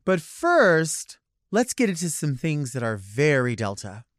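A man's voice: on the high side, huge pitch swings, unhurried, no room sound, studio quality. A man in drag hosting a talk show, delivering a campy, theatrical comic monologue full of rambling asides. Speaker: podcast host in drag.

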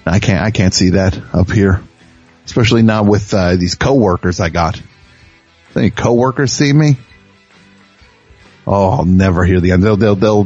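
A man's voice: low-pitched, moderate pace, long pauses, darkish tone, lo-fi sound, faint music behind. A male radio show host rambling through a self-mocking comic monologue with many restarts.

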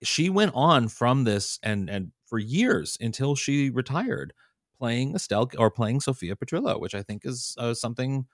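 A man's voice: medium pitch, very animated, normal speed, no room sound, clean studio sound. A man co-hosting a podcast in casual chat, enthusiastic and playful, sometimes gushing. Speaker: podcast co-host.

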